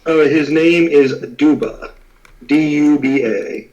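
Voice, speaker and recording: A man's voice: a little high, slow pace, a little mellow. Rambling male game master, muffled audio. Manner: rambling, many fillers and restarts. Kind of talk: narrating a tabletop game.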